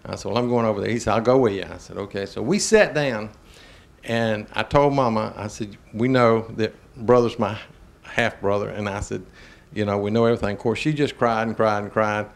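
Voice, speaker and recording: An older man from Georgia, hosting a talk show and telling a family story in a folksy, animated way with chuckles. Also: on the low side, fairly quick, gravelly. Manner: animated, chuckling, drawling Southern speech.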